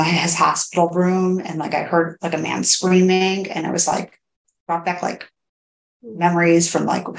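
A woman in her thirties, a podcast guest, speaking candidly and haltingly with many fillers and restarts. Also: lowish voice. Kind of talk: candid personal interview. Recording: echoey room.

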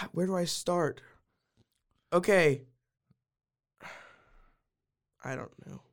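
A young man with a fairly high voice who sounds stuffed up and sniffly. He chats casually with his father, playfully mocking him and getting a bit flustered when put on the spot. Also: creaky. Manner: playful, quick to mock, flustered. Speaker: podcast co-host, son. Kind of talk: casual chat about movies and TV.

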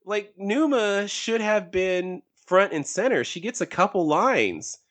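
Animated rambling man on a podcast. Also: high voice, slow. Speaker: podcast co-host. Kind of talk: casual discussion.

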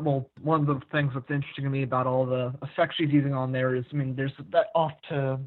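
A man chatting casually on a music podcast, blunt and swearing casually. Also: mid-range voice. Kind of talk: casual chat. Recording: tinny phone-like line.

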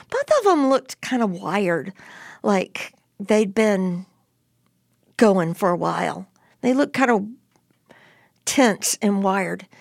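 An older woman telling her own story in an interview, lively and animated as she acts out what was said. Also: medium pitch, takes it slowly, gravelly, long pauses, no echo, studio quality. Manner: lively, animated retelling with voiced quotes. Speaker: storyteller guest.

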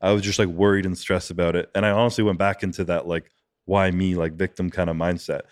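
A bodybuilding competitor appears as a guest on a casual podcast, talking fast and loosely in a very low voice with fairly even intonation. He rambles, packs his thoughts with "like," and swears often. The recording is close and dry with no room sound, like a podcast studio.

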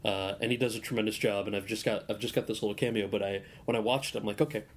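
A man's voice: lowish voice, steady tone, fast talker, a little hiss or hum. A man guesting on a casual podcast interview, telling stories in a rambling way with lots of restarts. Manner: rambling storyteller with many restarts.

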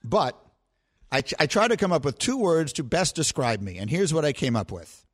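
A man's voice: on the high side, sing-song, moderate pace. A middle-aged man hosting a sports talk show, chatting in a playful, talkative, self-mocking way. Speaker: radio and podcast host. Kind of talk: casual sports talk banter.

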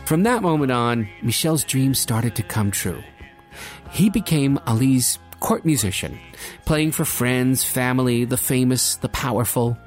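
A man's voice: mid-range voice, lively intonation, measured pace, faint music behind. A man hosting a public radio program, asking short curious questions and narrating between interview clips. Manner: curious, brief prompting questions.

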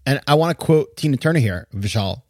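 A man's voice: mid-range voice, animated, brisk, darkish tone, no echo, clean studio sound. A man hosting a podcast, giving emphatic, exasperated casual commentary and laughing now and then as he talks. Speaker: podcast host.

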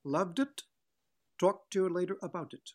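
A man's voice: high voice, normal speed, pitched above the performer's own voice, close to an everyday voice. A man doing an impression of a haughty older male stage actor who speaks of himself in the third person in a very affected, pronounced way. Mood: airy. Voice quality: very pronounced, affected speech pattern. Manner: grand third-person self-reference.

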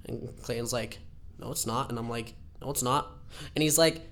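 A man's voice: mid-range voice, normal speed, slight background noise. A young man telling a rambling, laughing personal story at a live storytelling event. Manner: rambling, laughing, animated retelling.

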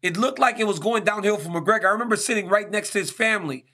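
A man's voice: sits high, fast talker, pushed and bright. A man hosting a sports talk show, answering listener questions in an emphatic monologue and often asking "right?". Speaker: show host.

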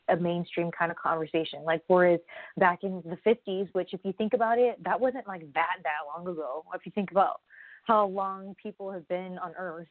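A woman's voice: lowish voice, no room sound. Chatty woman vlogging over a tinny line. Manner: rambling, candid, loses her train of thought. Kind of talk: casual personal vlog talk. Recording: dry, phone-like narrow sound.

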